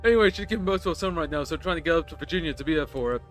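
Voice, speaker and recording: A game streamer reading the lines of a chatty, rough male stranger on a bus, telling crude stories in a rambling way. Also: medium pitch, racing, soft background music, lightly acted.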